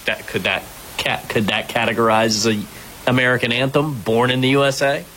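A man's voice: medium pitch, fairly even intonation, a little fast, fairly bright tone, rough recording. A man co-hosting a sports talk radio show, asking earnest, tentative questions. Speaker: radio co-host. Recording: faint hiss.

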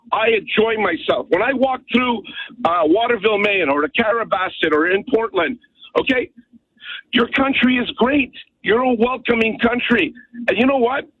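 Husky high-voiced male caller on the phone. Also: dry recording. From Montreal, Canada. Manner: emphatic, rambling, keeps asking "okay?". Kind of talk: call-in radio rant. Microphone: telephone. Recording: tinny dry phone line.

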